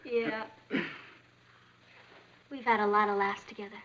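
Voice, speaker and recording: An actress playing an eager, bubbly teenage daughter in a 1960s sitcom. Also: female voice, medium pitch, little pitch movement, measured pace, fairly bright tone, close to an everyday voice. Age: teen. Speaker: lead character. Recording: lo-fi TV audio with music.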